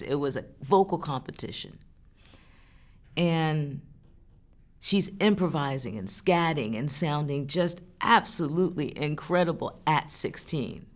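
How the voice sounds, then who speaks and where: A woman's voice: low-pitched, creaky. A woman singer from France speaking in a candid interview, telling stories in an earnest, heartfelt way with frequent restarts. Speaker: singer and songwriter.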